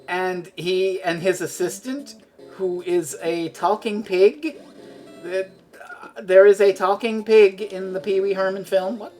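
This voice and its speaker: A European woman with a fairly low-pitched voice chats casually while streaming a game. She rambles, sounds sarcastic, swears, and often trips over her words.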